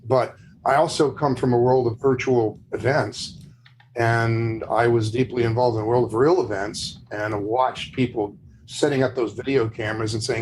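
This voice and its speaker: Brief: male podcast guest, eager storyteller, mid pitch, faint background hiss. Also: fairly even intonation, moderate pace, darkish tone, poor audio. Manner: enthusiastic, storytelling with acted quotes. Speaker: podcast guest, brand consultant. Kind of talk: casual interview chat. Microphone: video call.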